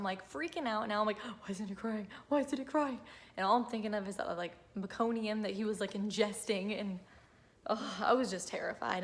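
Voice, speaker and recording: A woman in her twenties telling a personal story to camera in a chatty, emotional way, full of "like" and "um". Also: mid-range voice. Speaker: vlogger.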